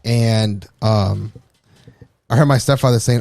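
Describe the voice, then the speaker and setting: A man co-hosting a podcast, telling a story in casual chat, animated and profane, acting out quotes and laughing often. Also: mid-range voice, normal speed, vocal fry, no echo. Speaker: podcast co-host.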